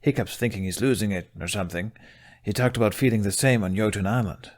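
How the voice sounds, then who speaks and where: A man's voice: lowish voice, fast, natural voice. A man voicing a sneering, blunt young female Viking twin. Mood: scornful.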